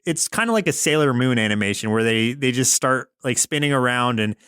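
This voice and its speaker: This man's voice is medium-pitched, animated, fairly quick, a bit bright, clear and resonant, recorded in a clean studio without room sound. Co-hosting a podcast, he tells a loose, rambling recap of a cartoon episode, saying "like" constantly and performing the characters' lines.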